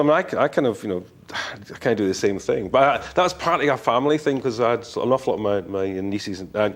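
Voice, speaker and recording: A middle-aged Scottish man, an author being interviewed, talking frankly in a rambling way with many fillers and restarts. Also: lowish voice. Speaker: author guest. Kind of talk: casual interview talk.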